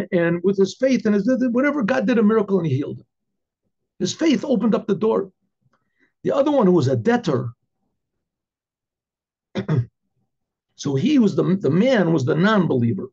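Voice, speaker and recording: Husky-voiced rabbi telling a story. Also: male voice, high voice, big pitch swings, mellow, lo-fi sound. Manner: halting, repeats words, clears throat often. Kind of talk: oral storytelling.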